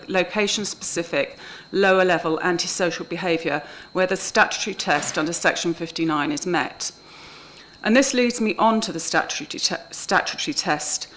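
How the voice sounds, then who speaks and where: A woman officer giving a formal, measured presentation of a report at a council committee meeting in a council chamber. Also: fairly low pitch, fairly bright tone, rough recording. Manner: measured, precise, with small restarts.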